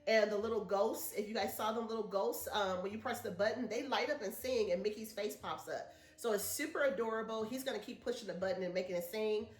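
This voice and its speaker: Chatting to camera, this vlogger rambles through a story for her viewers at a slightly fast clip with few pauses. She has a medium-pitched voice, and the recording sounds roomy.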